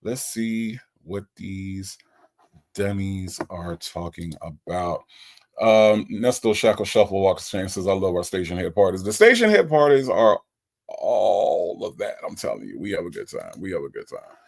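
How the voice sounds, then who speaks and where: Host, man, low gravelly voice, laid-back exasperated chat. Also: big pitch swings, unhurried. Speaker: host reviewing a recorded call. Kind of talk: casual chat reacting to live comments.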